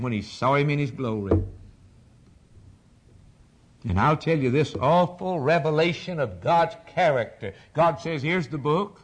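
A man's voice: fairly high pitch, breathy edge. Older male preacher, fervent sermon delivery, surges and drops in intensity. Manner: preaching with rising fervor and sudden drops.

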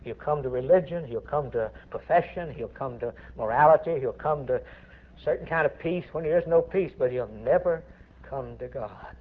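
A man preaching a sermon with impassioned swings between hushed words and rising emphasis. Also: medium pitch, normal speed. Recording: tinny phone-like recording.

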